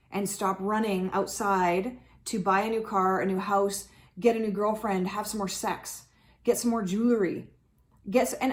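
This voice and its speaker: A woman who hosts a tarot channel, talking casually and frankly to her viewers about spirituality, swearing freely and acting out the voices in her own head. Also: medium pitch. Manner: frank, swearing, animated, acts out inner voices. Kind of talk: casual spiritual talk to camera.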